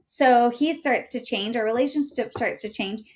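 A woman in her thirties, a podcast guest telling a personal story in a chatty way, full of fillers and getting loud when excited. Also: a little high, moderate pace, slight background noise.

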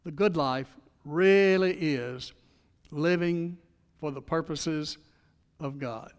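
High-voiced preacher in a hall. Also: male voice, takes it slowly, clear, resonant tone. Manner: folksy storytelling preacher. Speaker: pastor. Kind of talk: sermon.

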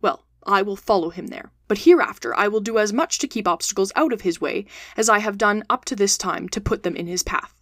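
A woman reading the part of a cool, calculating male detective in a storybook, speaking in a cold, measured way. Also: medium pitch, fairly bright tone, no room sound, studio quality. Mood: calm.

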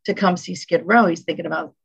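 Gravelly low-voiced woman telling stories. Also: fast talker. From northeastern United States. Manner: animated storyteller, acts out quotes. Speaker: guest, music executive. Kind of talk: casual interview chat. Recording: dull lo-fi audio.

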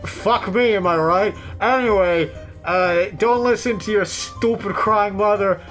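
A crude, blunt Italian father recorded on a tape, as a man puts him on. The voice is high and rough-edged in manner. Soft music sits behind. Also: unhurried.

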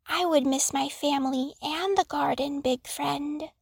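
Brief: woman doing a tiny affectionate snake for an audiobook, high and hushed, drawn-out words, dry close sound. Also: vocal fry, no room sound. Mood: sad. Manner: soft, slow and wistful. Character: small gentle garden snake, affectionate.

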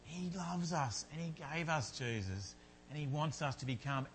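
A man's voice: fairly high pitch, animated, moderate pace, a little hiss or hum. A man preaching a sermon in an earnest manner, building to fervent repetition.

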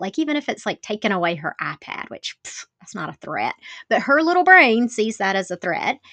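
A woman's voice: medium pitch, creaky, fairly bright tone, no echo. A woman hosting her own podcast in a casual, candid solo talk, chatty and self-deprecating, with lots of "like" fillers. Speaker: podcast host.

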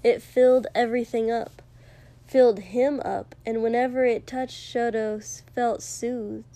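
A woman reading fiction aloud at a slow, measured pace, her voice a touch higher than most. She narrates expressively, letting each sentence land. It sounds like an audiobook. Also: fairly even intonation, mellow.

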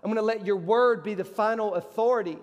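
Pastor, male, high tenor preacher; emphatic delivery, sharp jumps on questions; long hall reverb. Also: fast talker, lo-fi sound. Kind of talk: sermon.

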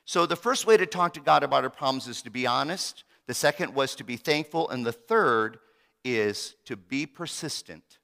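A pastor in his fifties delivers a sermon with dramatic swings from loud emphasis to near-whispers. His voice is bright and cutting, and a long reverb from the church hall follows every line. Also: medium pitch, expressive, normal speed, gravelly.

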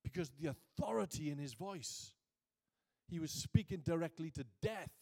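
A man preaching a sermon, moving from quiet reflection to booming emphasis and reading scripture slowly. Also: lively intonation, vocal fry. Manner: reads scripture aloud slowly.

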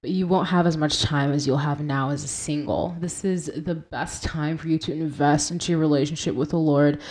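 A young woman hosts a faith podcast in a low, mellow voice. She talks earnestly and casually, reading scripture aloud and unpacking its words, now and then laughing at her own pronunciation. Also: fairly even intonation, normal speed. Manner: earnest, conversational, quotes and explains scripture. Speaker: podcast host. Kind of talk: Christian devotional podcast talk.

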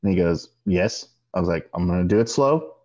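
A man with a low voice tells a story in relaxed chat, animatedly playing out both sides of a conversation. The recording sounds dull and lo-fi. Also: fast talker. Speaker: podcast co-host.

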